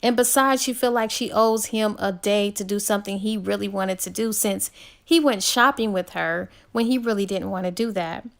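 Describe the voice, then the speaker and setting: A woman's voice: mid-range voice, normal speed, creaky. A woman casually retelling a novel's plot as a book reviewer, chatty and laid-back, full of ums and likes.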